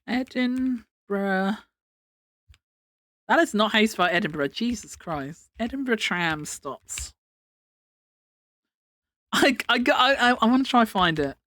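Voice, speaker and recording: A woman's voice: mid-range voice, very animated, measured pace, pauses often, fairly bright tone, no echo. A young woman livestreamer chatting casually to her viewers, rambling through a story with lots of fillers and laughter. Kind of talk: casual stream chat.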